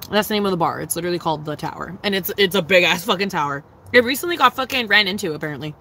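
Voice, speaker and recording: A woman's voice: fairly low pitch, animated, rapid-fire, bright, forceful tone, low-quality recording. A young woman chatting casually on a livestream, answering her chat in a blunt, profane, giggly way.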